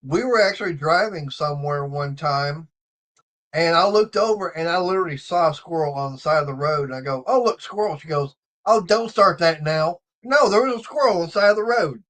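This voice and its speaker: A man's voice: fairly high pitch, expressive, a little fast, fairly bright tone. A man hosting a casual livestream chat, telling rambling stories and acting out what people said. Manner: rambling storyteller, acts out quotes. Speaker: livestream host.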